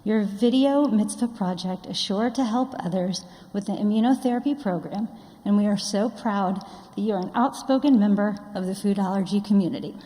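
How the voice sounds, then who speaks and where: A woman's voice: medium pitch, mellow. Proud mother reading a tribute. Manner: affectionate, proud, deliberate reading. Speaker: parent giving a speech. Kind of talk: read tribute speech. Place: large sanctuary. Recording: long reverb of a large hall.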